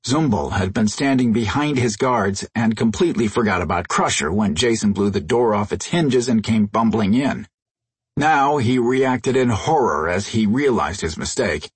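A man narrating an audiobook in a measured storytelling manner, recorded on a close studio mic. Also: on the low side, animated, breathy edge, no echo. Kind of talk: scripted narration.

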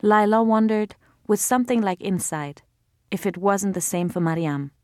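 A woman reading an audiobook in a measured, even storytelling manner on a close studio mic. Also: medium pitch, dry recording. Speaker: audiobook narrator. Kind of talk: scripted narration.

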